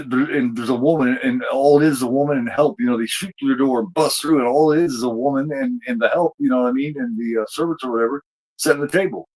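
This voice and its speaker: Through a streamed podcast mic with poor audio, a male podcast host retells a TV episode in a casual, rambling way, full of fillers and restarts. His voice is mid-range and a little mellow.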